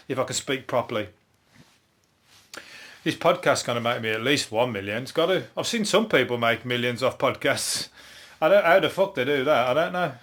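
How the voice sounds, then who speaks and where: A man from Birmingham with a broad Brummie accent, riffing alone on odd news items for his comedy podcast. He rambles, swears a lot and chuckles at his own lines, his voice sitting at an ordinary middle pitch. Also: fairly bright tone. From Birmingham, England. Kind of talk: solo comedic news review.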